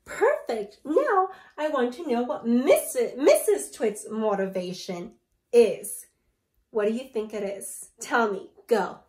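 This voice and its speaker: A woman's voice: fairly high pitch, expressive, slow pace, darkish tone. Upbeat woman teacher reading aloud. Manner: encouraging, addresses students. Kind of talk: read-aloud lesson.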